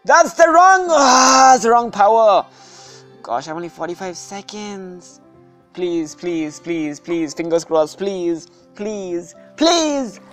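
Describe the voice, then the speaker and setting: A woman giving casual gameplay commentary, excitable and anxious, often calling out "dude". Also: fairly low pitch. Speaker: gaming video host.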